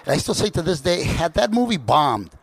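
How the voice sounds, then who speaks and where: A man from the United States telling stories about his life in an interview, halting and restarting often, slipping into quick impressions of the people he meets. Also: a little high, creaky, breathy edge, no echo. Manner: halting, with frequent restarts and filler words; lively anecdotes with put-on voices for other people. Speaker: guest. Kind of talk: storytelling interview talk.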